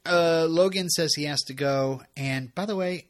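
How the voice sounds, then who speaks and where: A man's voice: a little high, normal speed. A man in his thirties co-hosting a podcast, recapping episodes in a rambling, self-interrupting way with frequent chuckles. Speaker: podcast co-host. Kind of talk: casual recap chat.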